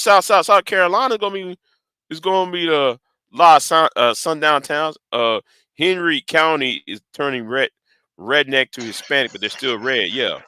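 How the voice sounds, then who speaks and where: A man's voice: a little high, moderate pace, bright, forceful tone, clean tone, no echo, poor audio. A man hosting a casual chat, stumbling over repeated words and fillers. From Texas.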